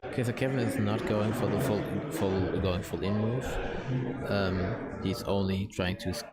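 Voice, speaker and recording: A man giving casual commentary on a tabletop wargame match, talking in a loose, halting way at a busy convention. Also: fairly low pitch, steady tone, a loud crowd. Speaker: tournament commentator. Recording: loud music behind.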